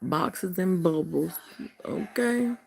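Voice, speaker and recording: A woman's voice: on the low side, expressive, slow, vocal fry, low-quality recording. An older woman hosting a late-night livestream from home, chatting in a sassy, casual way with her viewers while sleepy and yawning. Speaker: livestream host.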